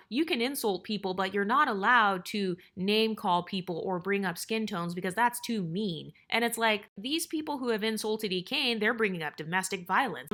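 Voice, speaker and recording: A woman's voice: medium pitch, pushed and bright. A woman hosting her channel, reading viewer comments aloud and answering them with emphatic, argumentative rhetorical questions. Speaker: channel host.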